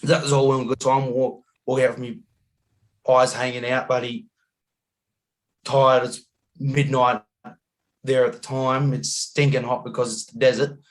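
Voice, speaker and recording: An Australian man telling a travel story as a podcast guest over a video call, animated and laughing often, acting out the people he met. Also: mid-range voice, moderate pace, long pauses. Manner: animated yarn-spinning, acts out voices, laughs often.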